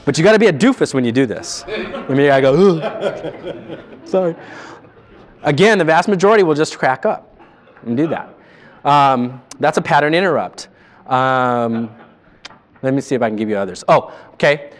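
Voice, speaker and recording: Animated man leading a sales seminar. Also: medium pitch, moderate pace, long pauses. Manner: animated, quizzes the audience. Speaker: sales trainer. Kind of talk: live seminar lecture.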